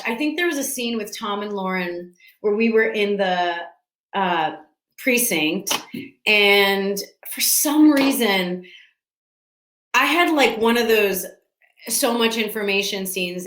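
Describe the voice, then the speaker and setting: A woman's voice: mid-range voice, a bit bright. Chatty woman in an echoey room. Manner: chatty, scattered, lots of restarts and laughs. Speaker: actress answering fan questions. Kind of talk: casual virtual fan panel. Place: room at home.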